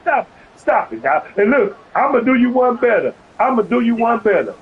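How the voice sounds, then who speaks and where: A man argues with an opponent over a video game, and his agitation shows as he talks over the other side again and again. His voice is husky and sits high, with a lively, swooping delivery. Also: normal speed, phone-quality sound. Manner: agitated, keeps repeating "hold on". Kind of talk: heated argument over voice chat.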